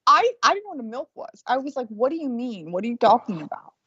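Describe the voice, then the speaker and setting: Here the forty-something co-host has a slightly high, sing-song delivery that's fast and fairly bright, with a breathy edge and no echo. She trades profane stories in casual podcast talk, captured with muffled, lo-fi sound.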